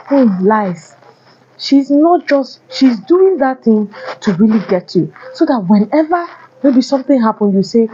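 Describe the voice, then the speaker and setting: A woman's voice: fairly high pitch, animated, moderate pace, warm tone, husky, lo-fi sound. A woman vlogger giving blunt, repetitive relationship warnings addressed to men. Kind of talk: casual advice monologue.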